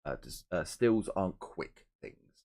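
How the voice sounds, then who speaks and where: A man narrates a tabletop game as its game master, keeping things loose and rambling with casual swearing. His voice sits very low and steady. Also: measured pace, vocal fry.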